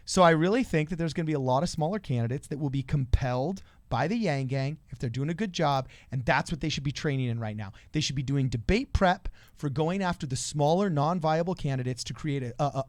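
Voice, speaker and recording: A man's voice: on the high side, a little mellow, no room sound, clean studio sound. A man co-hosting a political talk show, explaining things casually and acting out quoted voices. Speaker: podcast co-host.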